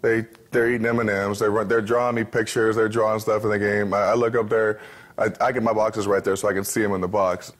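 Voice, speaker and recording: A man's voice: on the low side, level tone, fast. A man in his thirties, a professional football player, talking candidly and easily as an interview guest, with many fillers and restarts. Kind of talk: relaxed interview talk.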